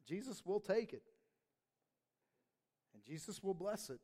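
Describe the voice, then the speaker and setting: A male pastor preaches in a lively, conversational way, laughing now and then and acting out short quotes. His voice sits a little high for a man. The sound carries the long reverb of a church sanctuary. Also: measured pace. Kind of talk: sermon.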